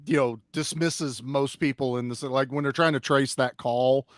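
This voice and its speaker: A man's voice: medium pitch, fairly even intonation, moderate pace, dry recording, clean studio sound. A man co-hosting a casual film discussion, enthusiastic and rambling, often restarting his sentences. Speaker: podcast co-host.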